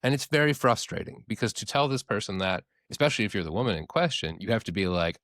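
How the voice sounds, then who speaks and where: A man's voice: medium pitch, very animated, quick pace, few pauses, a bit bright, no room sound. A man co-hosting a podcast, rambling candidly and swearing freely as he tells stories and acts out the people in them. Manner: acts out quoted voices in his stories. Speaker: podcast co-host. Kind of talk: casual discussion.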